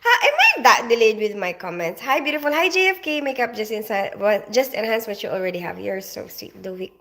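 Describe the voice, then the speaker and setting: A woman's voice: mid-range voice, lively intonation, a little fast, a bit bright. A middle-aged woman from the Philippines, hosting a casual livestream from her kitchen and greeting viewers by name as she chats. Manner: chatty, reads out viewer comments and greets them by name. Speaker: livestream host. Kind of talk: casual live chat. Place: home kitchen.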